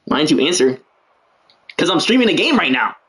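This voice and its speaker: A man's voice: on the high side, sing-song, fairly quick, bright, forceful tone. A young man giving casual, joking play-by-play commentary on a livestreamed game, full of slangy asides and rambling.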